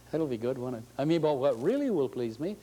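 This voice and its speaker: A man's voice: mid-range voice, sing-song, normal speed, low-quality recording. A man giving an inspirational talk to a faith gathering, folksy and joking with his listeners. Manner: folksy, joking, warmly conversational.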